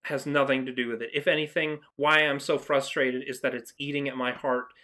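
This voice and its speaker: Exasperated vlogger, ranting reaction style, swears, bursts out loud mid-sentence, mid-pitched voice. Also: level tone, fairly quick. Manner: reads quotes aloud and interrupts them. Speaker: video commentator.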